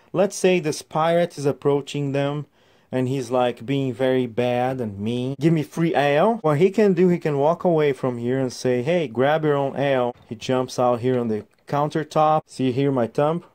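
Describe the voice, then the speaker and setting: A man's voice: mid-range voice, a little slow, darkish tone. A man reviewing a toy set in a casual, chatty way, showing the pieces as he explains them.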